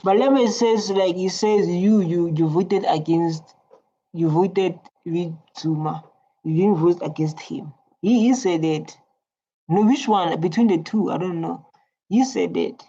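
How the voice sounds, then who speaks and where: A woman talks slowly through a reaction video in a warm, mellow voice. She rambles and repeats herself as she chats. The recording sounds a little muffled and lo-fi. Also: lowish voice. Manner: chatty, rambling, repeats words. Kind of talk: casual reaction commentary.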